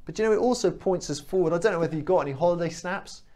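Man, preacher, sermon, animated, emphatic, fillers. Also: sits high, racing. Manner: animated, rising to emphatic peaks with frequent fillers.

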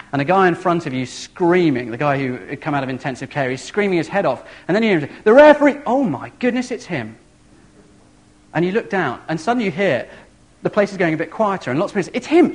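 A man preaching a sermon, telling a story in an animated, vivid way. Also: fairly high pitch.

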